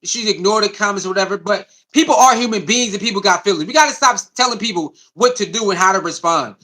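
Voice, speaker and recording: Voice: medium pitch, fast talker, pushed and bright. A sports commentary host, reacting to clips and chat in a loose, repetitive way.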